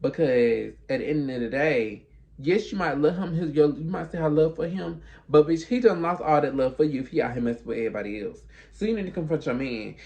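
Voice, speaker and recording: Sassy, gravelly man telling a story. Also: mid-range voice, brisk, darkish tone. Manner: sassy, emphatic, acts out both sides of conversations. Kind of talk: casual storytime monologue.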